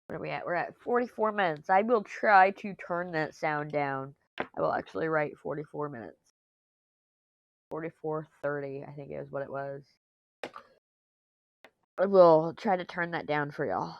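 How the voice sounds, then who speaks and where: A woman, chatting casually and rambling on while she crafts, self-deprecating and quick to laugh, on a mic clipped to her shirt. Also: low voice. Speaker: diamond painting vlogger. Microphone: lapel mic clipped to t-shirt. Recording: dull, lo-fi, dry lapel sound.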